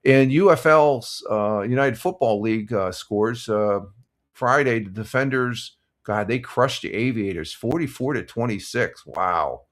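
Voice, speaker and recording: An older man hosting a casual live stream, chatting in a relaxed, rambling way with lots of fillers and restarts. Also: mid-range voice, unhurried. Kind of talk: casual morning chat reading sports scores and viewer comments.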